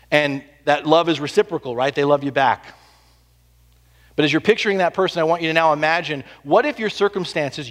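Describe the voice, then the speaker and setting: A man preaching a sermon, pressing rhetorical questions and swinging between hushed, slow lines and loud, emphatic ones. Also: a little high, long reverb tail. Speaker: pastor.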